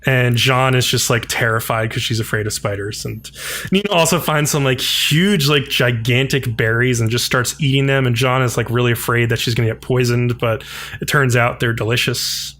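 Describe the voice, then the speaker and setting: Animated man recapping with lots of "like". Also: mid-range voice, moderate pace. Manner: animated retelling, frequent "like", acts out characters' lines. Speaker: podcast co-host. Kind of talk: casual episode recap.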